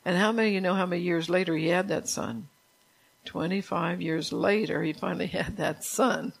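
A woman's voice: fairly low pitch, fairly even intonation, fairly quick, vocal fry, breathy edge. An older woman leading an informal Bible study, telling personal stories and asking the group questions. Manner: chatty, testimonial, asks the group questions.

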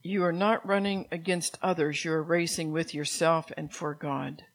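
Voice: mid-range voice, steady tone, moderate pace, rough recording. Earnest, exhorting preacher in a sermon. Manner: earnest and exhorting, with frequent restarts and repeated phrases. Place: room with a live congregation.

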